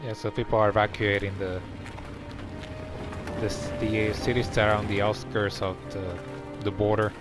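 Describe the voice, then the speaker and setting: A man's voice: lowish voice, little pitch movement, normal speed. A man giving rambling, casual commentary over a video game he is playing. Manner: rambling, chatty. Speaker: let's play commentator. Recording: game music behind.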